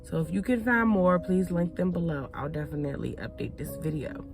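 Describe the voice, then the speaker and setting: A woman's voice: on the low side, fairly quick. A woman hosting a video, casually telling a story to her viewers and chatting with them as "y'all". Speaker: video host. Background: music.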